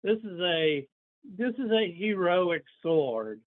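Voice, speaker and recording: A man voicing a friendly, persuasive male bard in a measured way. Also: high-pitched, big pitch swings, heavily acted. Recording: dry, phone-like call line.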